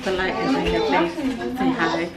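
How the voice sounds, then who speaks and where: A woman's voice: fairly low pitch, big pitch swings, normal speed, over a noisy crowd, heavy background noise. A woman vlogging at home into a handheld camera, chatting casually with teasing, grumbling asides. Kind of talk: casual home vlog chat.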